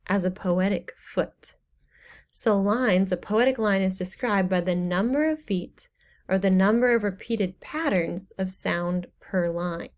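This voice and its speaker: Woman instructor, relaxed explanatory lecture voice-over, casual with fillers, mid pitch. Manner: explanatory, casual teaching with fillers and self-corrections. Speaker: online course instructor. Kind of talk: recorded lecture narration.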